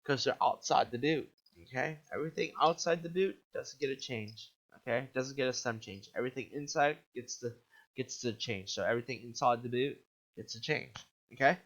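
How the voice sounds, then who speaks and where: In an upbeat video lesson, a male Spanish teacher quizzes the viewer and keeps checking in with "okay?" His voice is mid-range and fairly bright, at a normal speed, captured in a dull, lo-fi recording.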